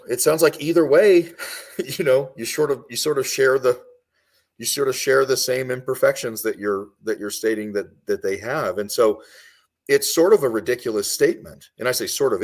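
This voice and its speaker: A man's voice: medium pitch, normal speed. A man speaking as a guest on a podcast, arguing with passion and repeating key lines for emphasis. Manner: emphatic, repeats points for stress. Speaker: guest commentator. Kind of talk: impassioned podcast discussion.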